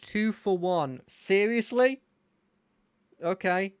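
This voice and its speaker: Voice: medium pitch, animated, moderate pace, no room sound. A game streamer chatting casually and playfully while playing a fangame, thinking aloud. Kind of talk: casual gameplay commentary.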